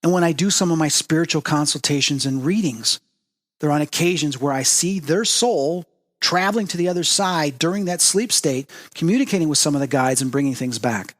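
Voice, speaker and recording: A man hosting a spiritual talk show, telling personal stories in an earnest, animated way and acting out the dialogue. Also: a little high, fairly quick, big-room sound. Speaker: host. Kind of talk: personal storytelling monologue.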